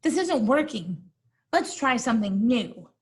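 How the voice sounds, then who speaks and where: A woman's voice: on the high side, very animated, a little slow, slight background noise. A woman reading aloud, voicing a determined, scheming female cow in a storybook who urges the others on.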